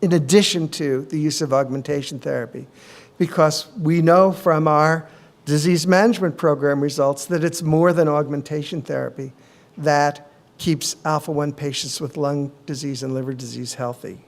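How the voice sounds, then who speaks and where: A middle-aged male physician giving a conference presentation, measured, with frequent ums and uhs. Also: a little high, steady tone.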